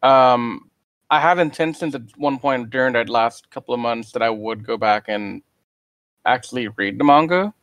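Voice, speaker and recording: A man co-hosting a casual podcast, relaxed and candid, rambling through his opinions with small stumbles. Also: medium pitch, moderate pace, clear, resonant tone, no echo. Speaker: podcast co-host.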